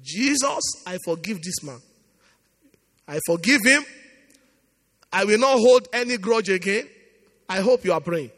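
A pastor leading a fervent prayer meeting, urging and repeating his lines, swinging from soft pleading to shouting. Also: very high voice, big-room sound. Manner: impassioned, repetitive exhortation, swings from soft to shouting.

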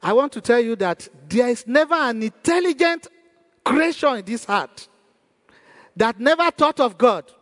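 A man's voice: very high-pitched, animated, a little slow, a bit bright, in a large hall. A man preaching a sermon as pastor, asking rhetorical questions and repeating praise to the congregation.

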